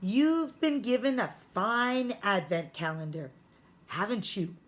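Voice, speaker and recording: A woman's voice: mid-range voice, animated, slow. A woman reading aloud, voicing a kind elderly man who sells flowers, friendly and chuckling. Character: elderly male flower seller, kind, foreign-sounding.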